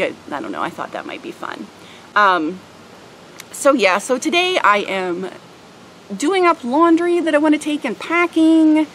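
A woman's voice: mid-range voice, fairly bright tone, a little hiss or hum, low-quality recording. Chatty rambling woman vlogger. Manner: chatty, rambling, with frequent fillers. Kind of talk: casual vlog chat.

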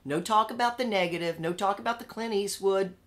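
A woman telling her story in a candid interview, animated and emphatic, repeating phrases for punch and swinging between loud outbursts and hushed asides. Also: mid-range voice, a little fast.

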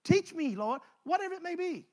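A male preacher delivering an animated sermon, swinging between loud exclamations and low asides. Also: a little fast.

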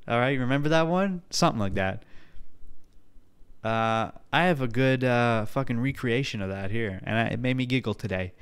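A man's voice: fairly low pitch, smooth. A man hosting a podcast on his own, rambling and swearing in a jokey, casual way. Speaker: podcast host. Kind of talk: casual solo podcast rant.

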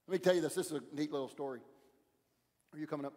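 A male pastor preaching a sermon in a church, pressing his points hard and often dropping his voice low. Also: racing, a little mellow, big-room sound. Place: church sanctuary.

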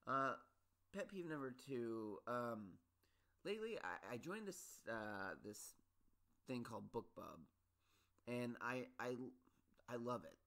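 A man's voice: medium pitch, very animated, slow pace, long pauses, pushed and bright. A man hosting a solo podcast, ranting about his pet peeves in a rambling, restless way, with many restarts and sudden exasperated peaks. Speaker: podcast host.

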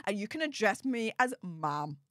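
Bubbly and full of exclamations, this Yorkshire-accented English woman hosts a livestream and showers viewers with thanks for their super chats. She speaks at a medium pitch with a sing-song, slightly bright quality and a moderate pace.

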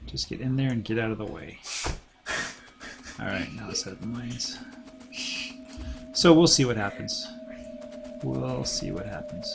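A man's voice: lowish voice, lively intonation, normal speed, gravelly, long pauses, music in the background. A man hosting a let's play, casually thinking aloud and rambling as he plays. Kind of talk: casual gameplay commentary.

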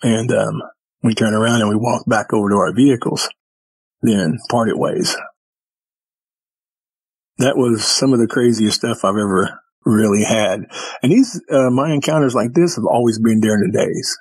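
Here a man with a fairly low, breathy voice tells his encounter stories on a podcast at normal speed, leaving long pauses, with no room sound. Animated and folksy, he rambles along and takes on the voices of the people he's quoting.

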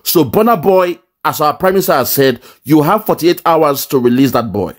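A man speaks in angry, emphatic commentary, his voice sitting a touch high. He stumbles and repeats words as he presses each point hard. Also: animated, moderate pace.

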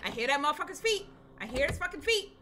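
A woman's voice: sits high, very animated, fast, pushed and bright, slight background noise. A young woman streaming a horror game, chatting casually with viewers, swearing, repeating herself and laughing often. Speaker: gaming streamer. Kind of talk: casual live-stream commentary. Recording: game music behind voice.

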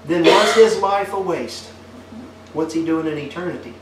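A man's voice: on the high side, expressive, normal speed, crowd noise. A man preaching a folksy sermon, tossing questions back at his congregation. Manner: asks the congregation many tag questions. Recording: echoey room picked up from a distance.

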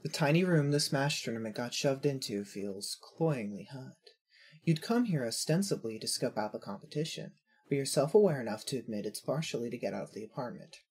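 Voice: medium pitch, expressive, a little fast, darkish tone, husky. A narrator reading second-person fanfiction in a wry, observant way.

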